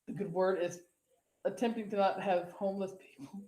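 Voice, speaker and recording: A woman's voice: mid-range voice, moderate pace, mellow, echoey room. A woman co-hosting a casual podcast, talking bluntly, swearing freely and breaking into exclamations. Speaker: podcast co-host.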